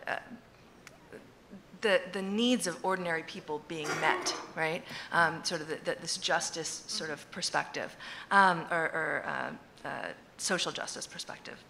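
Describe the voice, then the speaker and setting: Female academic panelist; low-set, bright tone, restarts often, faint hiss behind. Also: gravelly. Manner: thoughtful, many restarts and "right?" checks. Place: conference hall.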